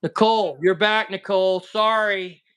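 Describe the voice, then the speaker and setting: A man's voice: sits high, steady tone, normal speed, a bit bright, smooth. A man with a Southern American accent hosting a casual livestream chat, telling rambling, folksy stories over a video call. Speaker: livestream host.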